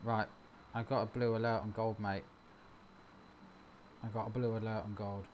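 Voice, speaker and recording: A man hosting a live stream, chatting casually and cheering on his trades out loud. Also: on the low side, level tone, normal speed, a little hiss or hum. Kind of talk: casual chat.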